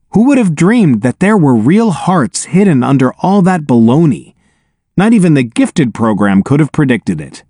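A man narrating an audiobook in an expressive, wry first-person telling, on a close studio mic. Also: mid-range voice, no echo.

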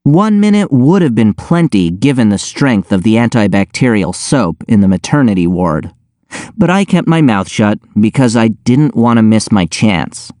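A man narrating an audiobook in the first person with a wry, deadpan delivery. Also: on the low side, moderate pace, dry recording, clean studio sound.

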